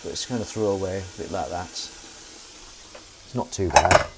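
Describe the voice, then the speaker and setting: Over heavy background noise, a low-voiced man talks unhurriedly to his live-stream audience while scrubbing dishes at the kitchen sink. It's a rambling, casual chat, wry and talkative as he handles the chore.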